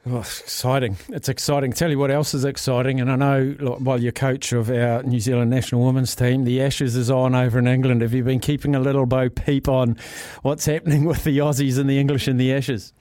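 A male radio host who chats in an easy, conversational way between interviews and listener texts. His voice sits in a mid pitch. The studio sound is dry and close. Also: level tone, brisk, hardly any pauses, warm tone, no room sound. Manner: chatty and conversational. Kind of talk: radio talk show.

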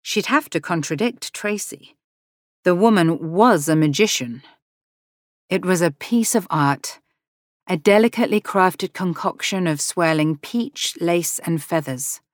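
A woman narrating a novel as an audiobook, gently voicing each character in the dialogue. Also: fairly low pitch, a little slow, no room sound, clean studio sound. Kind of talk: scripted narration.

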